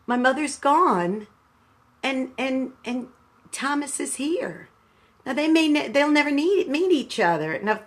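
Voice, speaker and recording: A woman in her sixties, a radio station manager, gives a reflective, halting live talk to her viewers while grieving, calling them "boys and girls.". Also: medium pitch.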